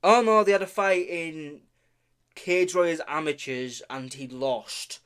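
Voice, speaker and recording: A man's voice: fairly high pitch, a little slow, a bit bright, clear, resonant tone. A man casually talking through fight predictions, rambling, correcting himself, and tripping over names with offhand swearing and humor. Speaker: vlogger making fight predictions.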